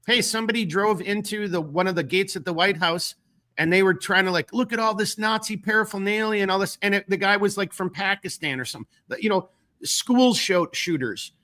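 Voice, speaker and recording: A Minnesotan-accented man hosts a casual political podcast, his high voice brisk, bright and forceful. He rambles with many restarts and swears casually.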